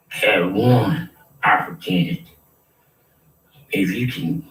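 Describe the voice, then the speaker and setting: A man's voice: sits low, slow, pauses often, fairly bright tone. An older man, delivering a rambling, preachy and threatening monologue. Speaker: self-proclaimed prophet. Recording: roomy, distant mic with faint noise.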